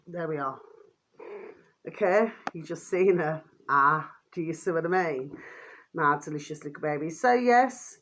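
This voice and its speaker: A woman's voice: deep voice, expressive, unhurried, a bit bright. Older lady rambling to camera, chatty and meandering, keeps trailing off. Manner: rambling, fond pet names, many fillers and trailing restarts. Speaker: vlogger. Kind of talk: rambling casual monologue to camera.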